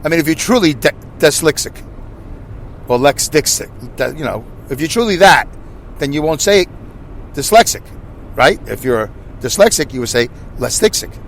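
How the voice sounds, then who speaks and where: A loud man in his fifties with a New York accent talks in a rambling, self-deprecating podcast monologue. His voice sits a little high for a man. A faint hiss of noise runs under the recording. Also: lively intonation, moderate pace, vocal fry, long pauses. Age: 50s. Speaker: podcast host. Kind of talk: casual monologue.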